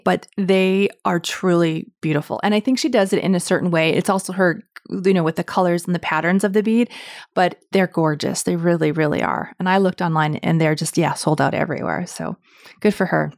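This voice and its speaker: An enthusiastic woman from Canada chats as podcast co-host, piling on emphatic repeats. Her voice sits a little low. The sound is dry and close. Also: fairly quick, no echo. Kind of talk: casual chat.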